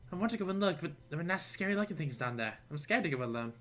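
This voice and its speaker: A man's voice: fairly high pitch, lively intonation, rapid-fire, a bit bright. A man voicing a timid, frightened young servant girl who speaks hesitantly.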